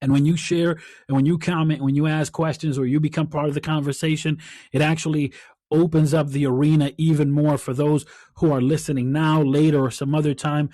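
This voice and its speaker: Male podcast host and coach, heartfelt reflective talk, a bit high-pitched, dry booth sound. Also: flat delivery, brisk, warm tone, no room sound. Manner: earnest, heartfelt, repeats words as he thinks.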